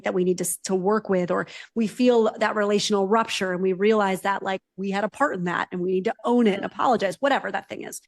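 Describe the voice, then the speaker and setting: A woman's voice: mid-range voice, gravelly, no room sound. A woman therapist speaks as a podcast guest in a direct, emphatic way, often ending points with "right?". Her voice is recorded close and dry, with no room sound. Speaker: psychotherapist guest. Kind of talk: podcast conversation.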